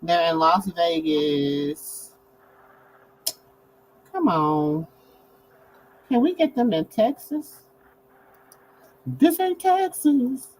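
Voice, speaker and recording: Animated middle-aged woman chatting. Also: very slow, vocal fry, long pauses, poor audio. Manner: animated storytelling, lively swings in pitch; colloquial, laughs often. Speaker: co-host. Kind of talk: casual chat.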